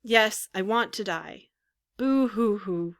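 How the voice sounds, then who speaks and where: A woman's voice: medium pitch, a little slow, bright, forceful tone, smooth, no room sound, clean studio sound. A woman voicing a grieving, impulsive wooden puppet boy who wails and pleads. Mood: grieving, pleading. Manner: wailing, pleading.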